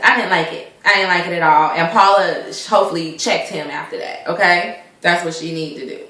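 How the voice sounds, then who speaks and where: A woman recaps a reality show in a chatty, indignant way, full of fillers and restarts. Her voice is bright and sharp, and her home recording has a clear echo around it. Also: fairly low pitch, brisk. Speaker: vlogger reviewing a reality show. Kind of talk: casual opinionated recap.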